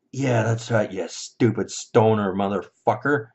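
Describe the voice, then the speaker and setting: A man with a fairly low voice delivers a heated, foul-mouthed opinion rant. He swings from muttered asides to sudden loud outbursts and slips into mocking voices to quote the people he scorns. The recording sounds dull and lo-fi. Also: slow pace, hardly any pauses. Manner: mocking put-on voices when quoting others. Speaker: vlogger. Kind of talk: ranting opinion monologue.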